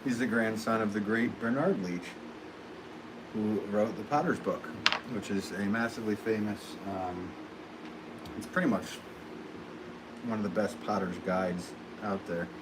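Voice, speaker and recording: A man's voice: lowish voice, unhurried, pauses often. A man who is a potter, chatting casually on a livestream from his pottery studio, rambling with many ums and restarts. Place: pottery studio with fans running. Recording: clear fan noise behind the voice.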